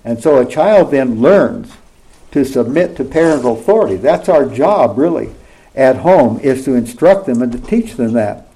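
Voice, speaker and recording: A man's voice: medium pitch, expressive, moderate pace, warm tone, slight background noise, poor audio. A middle-aged man preaching a sermon in a conversational way, often checking in with his listeners through rhetorical questions.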